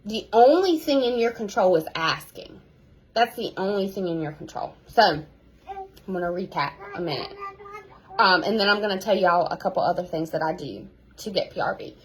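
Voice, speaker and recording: A woman, a sales team leader giving an animated, casual pep talk at home, repeating key phrases for emphasis. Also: mid-range voice, moderate pace, low-quality recording.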